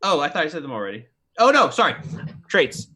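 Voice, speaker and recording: A man's voice: fairly high pitch, wildly swooping pitch, racing, bright, forceful tone. A man playing a tabletop game who chats casually, laughs often and keeps correcting himself while trying out accents. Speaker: player. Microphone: headphones with mic.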